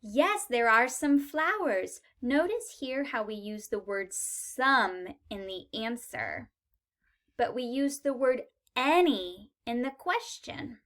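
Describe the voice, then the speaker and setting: Slow, patient woman teaching English. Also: a little high, lively intonation, fairly bright tone. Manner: patient, emphatic modelling of sentences. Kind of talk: slow, clear language lesson.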